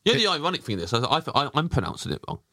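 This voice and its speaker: A man hosting a podcast in casual chat, joking and stumbling over quick restarts. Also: on the high side, big pitch swings, sharp tone, no room sound, clean studio sound. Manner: quick, stammering restarts, jokey. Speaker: podcast host.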